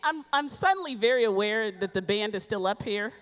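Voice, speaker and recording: A woman performing stand-up comedy on stage, telling a story in an animated, sassy way and acting out the dialogue. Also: medium pitch, normal speed. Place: stage before a live audience.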